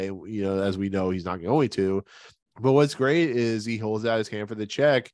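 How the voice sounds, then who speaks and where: A man's voice: lowish voice, a little mellow, no echo, clean studio sound. A man hosting a casual podcast, retelling a TV episode's plot in a rambling, joking way. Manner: rambling, jokey, retells the plot with quick asides. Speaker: podcast host.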